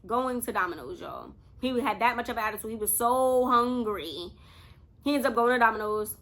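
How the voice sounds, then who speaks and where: A woman's voice: a little high, a little fast, a bit bright. A young woman telling a casual storytime to her viewers, chatty and talking straight to them. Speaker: vlogger.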